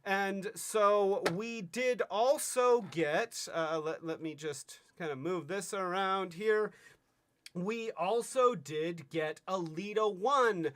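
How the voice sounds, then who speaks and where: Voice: medium pitch, slow pace, dry recording. A livestream host casually reviewing toys, rambling with stammering restarts and playful asides. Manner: bursts into silly sing-song jingles.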